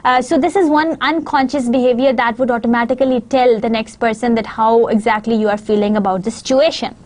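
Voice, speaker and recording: High-voiced woman lecturing with many pauses. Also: fairly even intonation, a little mellow. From Pakistan. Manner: hesitant, many fillers, explaining slides. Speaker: university lecturer. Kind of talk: recorded lecture.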